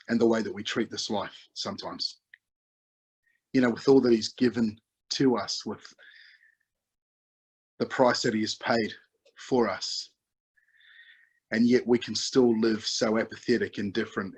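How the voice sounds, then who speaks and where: Husky New Zealand man preaching. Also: lowish voice, poor audio. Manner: chatty, story-led, full of 'you know' fillers. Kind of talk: conversational sermon.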